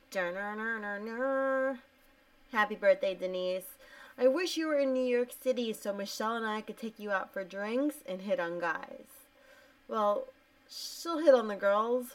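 A woman giving a brash, teasing birthday message, talking fast. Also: mid-range voice.

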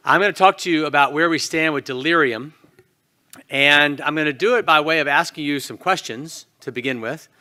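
An intensivist from Louisiana gives a conference lecture in a Southern US accent, quizzing the audience in a folksy manner. His voice sits on the high side, a bit fast, with a sharp tone.

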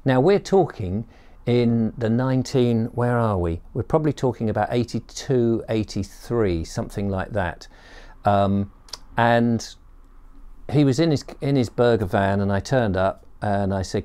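A man's voice: medium pitch, lively intonation, measured pace, a little mellow, smooth. A man telling a personal story to camera in a chatty, rambling way, with many ums and restarts. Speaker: storyteller and performer.

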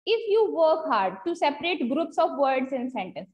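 A woman teacher with an Indian English accent, giving an online grammar class and dictating example sentences slowly, mixing in short Hindi asides. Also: sits high, sing-song. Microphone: video call. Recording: slightly dull lo-fi video call audio.

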